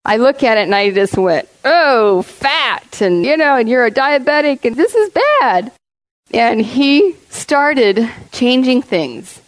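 A woman preaching a personal testimony in a fairly high voice. She tells her story with lively energy and acts out each quoted voice as she goes. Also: slow, low-quality recording. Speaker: church speaker and health class teacher.

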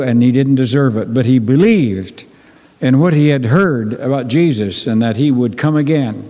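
A man preaching a sermon to his congregation, earnest and repetitive, often clearing his throat. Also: medium pitch, dark tone. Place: church sanctuary. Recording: long reverb of a church hall.

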